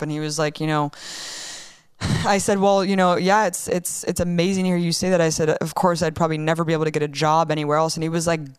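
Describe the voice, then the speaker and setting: A young woman telling a story in a casual interview, emotional and rapid, swearing often. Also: fairly low pitch, smooth, no echo, studio quality. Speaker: guest.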